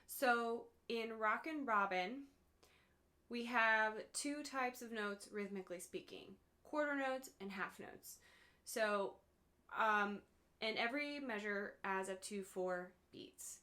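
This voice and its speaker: A woman's voice: on the high side, sharp tone. A woman music teacher giving a patient, step-by-step lesson to one student, chanting rhythm syllables as she counts beats.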